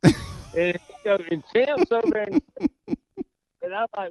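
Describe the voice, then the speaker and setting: A man with a Southern accent tells a loud, swearing story between laughs. His voice sits a little high. The sound is dry and somewhat dull, like close podcast audio. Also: sing-song, unhurried, pauses often, dry recording. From Florida. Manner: profane, laughing, drawling yarn-spinner. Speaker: podcast guest, golfer. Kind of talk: casual storytelling.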